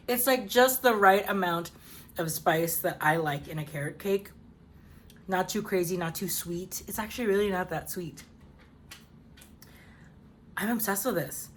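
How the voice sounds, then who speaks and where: A woman with a mid-range, fairly bright voice talks at normal speed while hosting her own cooking show. She chats casually and upbeat through a recipe, full of "like" and "um" fillers, in a relaxed cooking vlog style.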